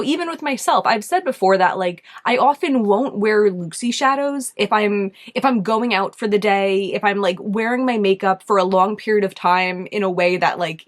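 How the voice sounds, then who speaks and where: A young woman with a New York accent talks through a makeup review in a loose, casual way. She thinks out loud, hedging and circling back with plenty of "like"s, her pitch sitting in an ordinary middle range. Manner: chatty, hesitant, thinks aloud with many "like"s. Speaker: beauty video host.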